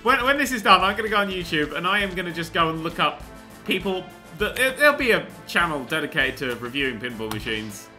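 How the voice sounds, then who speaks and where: A man giving rambling, excitable gameplay commentary and swearing often as he plays. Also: fairly high pitch, fast, soft background music. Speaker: let's play host.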